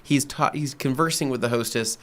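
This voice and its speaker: A man co-hosting a podcast, telling a story in a casual, animated way. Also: mid-range voice, a little fast. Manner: animated storyteller, acts out quotes. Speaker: podcast co-host. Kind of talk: casual chat.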